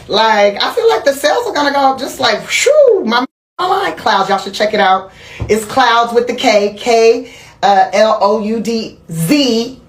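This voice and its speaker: A woman telling a candid personal story in a casual interview, animated and profane, laughing as she goes. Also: a little high, reverberant. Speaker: interview guest.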